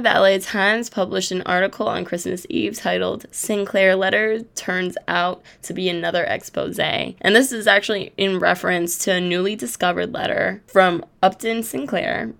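A woman's voice: medium pitch, vocal fry, a bit bright. A woman hosting a podcast, retelling a historical case in a casual, chatty way with irreverent asides. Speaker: podcast host. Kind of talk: casual true-crime storytelling.

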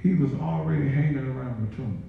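A man's voice: medium pitch, a little fast, gravelly. A man preaching a sermon as pastor, joking with the congregation and calling out to them. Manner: playful, joking asides, call-and-response with congregation. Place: large church sanctuary. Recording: very echoey hall, dull sound, from far off.

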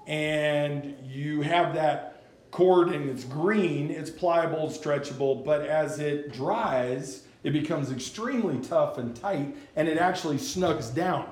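A man's voice: a little high, slow, darkish tone. A male pastor preaching a sermon in a folksy, conversational storytelling manner. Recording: echoey room.

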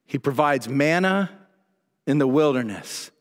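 A man preaching a sermon as pastor, telling Bible stories with animated emphasis. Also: mid-range voice, a little slow. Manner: animated storytelling, voices God and Moses in retellings. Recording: church hall with long reverb.

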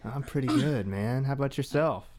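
A man co-hosting a podcast, chatting casually with deadpan quips. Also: mid-range voice, normal speed. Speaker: podcast co-host. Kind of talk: casual chat.

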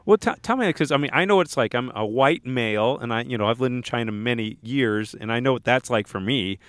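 A man's voice: mid-range voice, brisk, no room sound. A man hosting a podcast interview, asking follow-up questions and laughing along with his guest. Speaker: podcast host. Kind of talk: casual interview.

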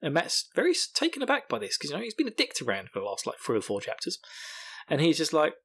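A man's voice: fairly high pitch, huge pitch swings, fast talker, fairly bright tone, breathy edge. A man casually recapping a book chapter, rambling, swearing freely and laughing often. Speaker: podcast host.

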